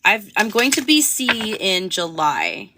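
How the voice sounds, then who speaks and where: A woman's voice: mid-range voice, very animated, slow pace, background noise. A young woman chatting casually on a livestream while reading tarot cards, rambling with lots of fillers. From Canada. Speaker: tarot reader.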